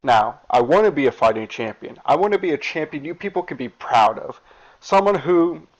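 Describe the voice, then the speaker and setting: A man's voice: on the high side, expressive, normal speed. A man voicing a proud male wrestling champion giving a grandstanding promo speech. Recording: dull lo-fi recording.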